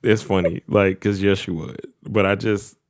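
A man's voice: deep voice, fairly even intonation, moderate pace. A man co-hosting a podcast, chatting casually with lots of fillers and restarts. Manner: rambling, many "like" fillers and restarts. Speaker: podcast co-host. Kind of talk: casual chat.

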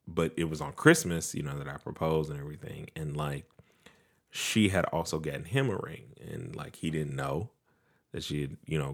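A man co-hosting a podcast, telling a story in casual chat with quick asides. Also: very deep voice, vocal fry. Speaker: podcast co-host.

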